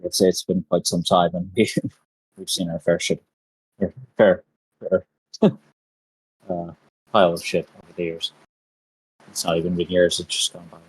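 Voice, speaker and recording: A man's voice: low-pitched, little pitch movement, husky, no room sound, low-quality recording. Man doing a stammering, frazzled adventurer. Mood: grateful. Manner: stammering, fast, proper. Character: nervous, frazzled, polite young adventurer man.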